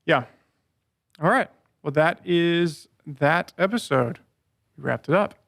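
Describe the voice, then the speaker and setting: A man's voice: a little high, lively intonation, slow pace, vocal fry, fairly bright tone, no echo, clean studio sound. A man co-hosting a podcast, recapping scenes in a casual chat and quoting lines with playful voices. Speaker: podcast co-host.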